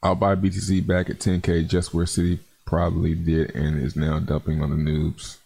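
Deep gravelly laid-back male crypto host. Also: completely flat delivery, normal speed, dark tone. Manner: laid-back, chatty, calls viewers man and bro. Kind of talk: casual livestream chat reading comments.

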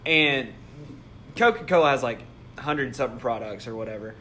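A man, co-hosting a podcast in casual chat, teasing and quick to laugh. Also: medium pitch, sharp tone, slight background noise. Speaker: podcast co-host.

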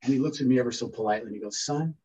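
Husky-voiced lawyer in his fifties, telling stories. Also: medium pitch, very fast, distant mic, highs cut off. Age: 50s. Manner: earnest, anecdotal, animated when quoting himself. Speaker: criminal defense lawyer. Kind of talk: reflective storytelling talk.

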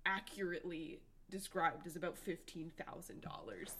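Lively wry woman co-host. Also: fairly low pitch, normal speed, a little hiss or hum. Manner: wry, chatty, adds facts and jokes. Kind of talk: casual chat.

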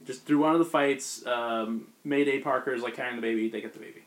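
A man's voice: medium pitch, quick pace. A man on a podcast, casually retelling a comic book plot and acting out the characters' lines as he goes. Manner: rambling storyteller acting out characters. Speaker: podcast host recapping comics. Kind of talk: casual chat.

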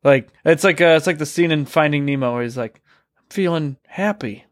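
A man hosts a casual interview and reads out listener questions, halting and self-deprecating with lots of fillers. His voice sits a little high for a man. The sound is dry and close. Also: dry recording. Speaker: podcast host.

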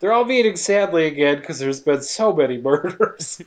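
Man, high pitch, loose crude podcast banter, quick asides. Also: lively intonation, a little mellow. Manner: jokey, crude, acts out characters in quick asides. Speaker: podcast co-host recapping a film. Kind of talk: casual comedic chat.

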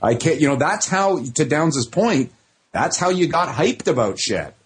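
A man co-hosting a podcast, telling excitable stories in casual chat with plenty of swearing. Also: fairly high pitch, measured pace, breathy edge. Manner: lively, swearing, excitable storytelling. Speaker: podcast co-host.

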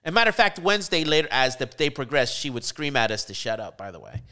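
Animated man telling a story. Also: fast talker. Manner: animated storyteller, acts out quotes with pitch jumps. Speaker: podcast co-host telling a story. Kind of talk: casual chat.

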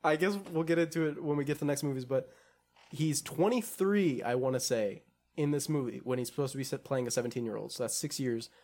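A man co-hosting a casual podcast, talking in an animated, joking way. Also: medium pitch, fast talker. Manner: animated, joking, laughs often. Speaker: podcast co-host. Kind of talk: casual chat.

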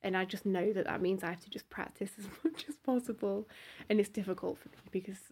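Young female musician guest, husky tone, hesitant and reflective. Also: medium pitch, fast talker, darkish tone. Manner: reflective, hesitant, trailing phrases. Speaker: session bassist guest. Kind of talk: casual podcast interview.

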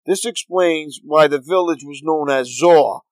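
A pastor reading scripture aloud in a steady, earnest manner. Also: male voice, a little high, unhurried, no room sound, rough recording.

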